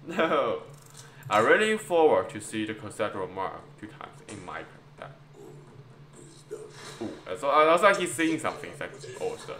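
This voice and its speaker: A man's voice: mid-range voice, very animated, moderate pace, long pauses, a little hiss or hum. Chatty man commentating a card game. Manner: chatty, reacting aloud to a card game, addressing viewers as guys. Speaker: gameplay youtuber. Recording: roomy echo with loud background music.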